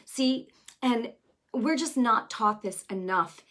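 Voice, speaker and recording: A fervent woman speaks in a slightly higher voice, sharing a testimony with mounting conviction. She repeats key phrases for emphasis and pushes toward near-shouting before easing back into chatty asides. Her delivery stays personal and full of restarts. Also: takes it slowly. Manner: conversational asides, many restarts and fillers. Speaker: Christian teacher sharing a healing testimony. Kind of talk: passionate testimony and teaching.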